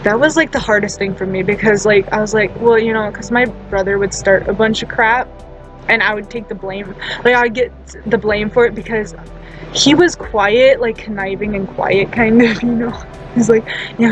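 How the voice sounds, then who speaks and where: A woman's voice: mid-range voice, fairly even intonation, normal speed, soft background music, rough recording. A woman talking casually in a storytime vlog, blunt and profane, rambling with frequent laughs and restarts. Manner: loose, chatty delivery with many fillers and restarts. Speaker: storytime vlogger.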